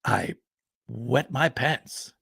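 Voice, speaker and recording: A man voicing a very old English field marshal who speaks slowly and drily. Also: mid-range voice, fairly even intonation, vocal fry, fairly bright tone, husky, no room sound, exaggerated voice. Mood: deadpan. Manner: slow, dry, understated. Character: ancient male English field marshal, slow.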